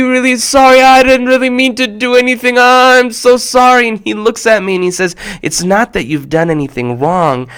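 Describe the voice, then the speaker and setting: A man telling a personal story to children in an expressive way, acting out the voices and dropping to a hush at times. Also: a little high. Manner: expressive, acts out quotes, shifts between loud and hushed. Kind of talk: animated personal storytelling for kids.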